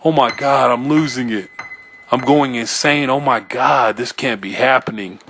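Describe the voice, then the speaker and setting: A man voicing a panicked man losing his mind, screaming in a high, hysterical voice. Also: measured pace, a bit bright, a little hiss or hum.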